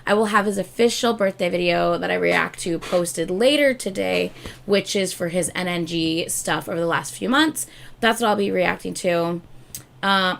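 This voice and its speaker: A woman hosting a casual live stream, chatting and gushing excitedly as a fan. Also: lowish voice, creaky, slight background noise. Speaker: streamer reacting to videos. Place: home room at a desk chair.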